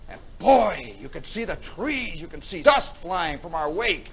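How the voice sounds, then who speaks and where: A man telling a story live at a nightclub, animated, acting out sound effects and voices as a radio host, on a dull 1960s recording. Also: high voice, unhurried, gravelly, breathy edge.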